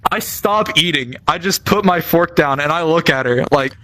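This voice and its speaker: A man's voice: a little high, lively intonation, normal speed, pushed and bright. Rambling young man telling stories. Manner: rambling, lots of fillers and restarts. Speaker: gamer telling military stories. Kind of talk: casual storytelling while gaming.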